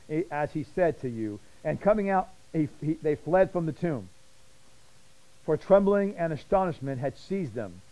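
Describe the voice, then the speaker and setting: A man teaching a Bible study, fast and passionate, often repeating words as he gets excited. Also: on the high side, low-quality recording.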